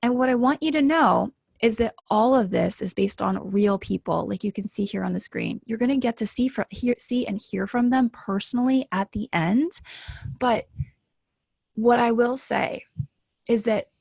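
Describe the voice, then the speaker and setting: A woman's voice: on the high side, moderate pace, creaky, darkish tone, slightly rough, no room sound. Upbeat woman hosting a live webinar. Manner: upbeat, hyped, talks straight to viewers. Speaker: webinar host. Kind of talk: live webinar sales pitch.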